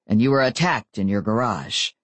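He is a calm werewolf husband, as an audiobook reader voices him, his voice dropped low and kept soft. He speaks evenly, with quiet authority. The sound is close and dry. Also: normal speed, no room sound. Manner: low, gentle and steady.

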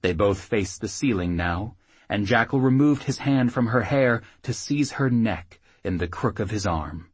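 A man reading an audiobook in an expressive, steady storytelling manner, close on the mic. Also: on the low side, a little slow, husky, no echo. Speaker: audiobook narrator. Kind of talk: scripted narration.

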